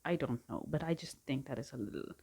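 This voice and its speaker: A woman's voice: a bass voice, expressive, quick pace, gravelly, warm tone, slight background noise. A woman casually ranting in a book review vlog, exasperated, with laughing asides and whispered remarks. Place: home filming setup.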